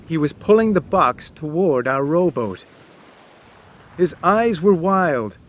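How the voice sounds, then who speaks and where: A man narrating a graded-reader story for English learners, reading slowly and clearly. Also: a little high. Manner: slow, clear, expressive reading. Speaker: audiobook narrator.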